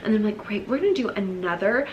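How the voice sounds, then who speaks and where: A woman's voice: medium pitch, expressive, quick pace, dull audio, a little hiss or hum. A young woman, an elementary music teacher, casually talking through her lessons, acting out classroom exchanges and sometimes whispering or singing bits. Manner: acts out classroom dialogue, drops to whispers, sings snippets.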